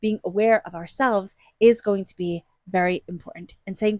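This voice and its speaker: A woman's voice: medium pitch, fairly even intonation, moderate pace, a little mellow, dry recording. A woman giving a casual weekly tarot reading, chatty with lots of fillers, acting out inner voices as quotes. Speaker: tarot reader.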